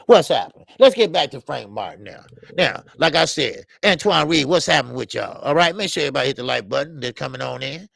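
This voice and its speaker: Hosting a live boxing talk show, this man speaks casually and emphatically, full of street slang and fillers, and calls out chat viewers by name. His medium-pitched voice has vocal fry, and the studio sound is clean with no room sound.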